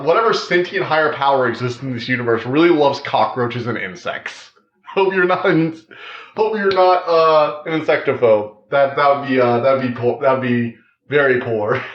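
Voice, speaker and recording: In a roomy, slightly dull recording, a man reviewing a TV season speaks casually in an ordinary middle pitch. His review rambles loosely, relying on "like" and full of restarted sentences.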